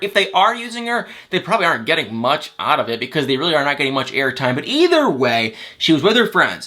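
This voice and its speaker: A man's voice: on the high side, pushed and bright. A man hosting a celebrity gossip vlog, rambling chattily, correcting his own slips and poking fun at himself. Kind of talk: casual chat.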